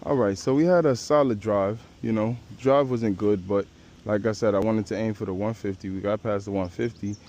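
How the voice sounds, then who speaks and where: A man's voice: lowish voice, steady tone, normal speed, a little mellow. A young man casually narrating his golf round outdoors on a course, playful and chatty, joking and talking to his ball. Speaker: golf vlogger.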